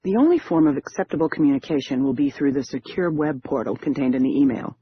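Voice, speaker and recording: A man voicing a confident female con artist who briefs in a smooth, businesslike way, on a muffled lo-fi recording. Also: mid-range voice, expressive, fast, a little hiss or hum, natural voice.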